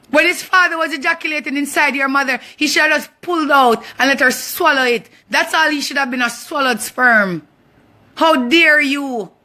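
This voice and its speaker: A woman's voice: high voice, sharp tone. A young woman with a Jamaican accent delivering an impassioned personal monologue, confrontational and emphatic, repeating phrases for force. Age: young adult. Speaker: vlogger.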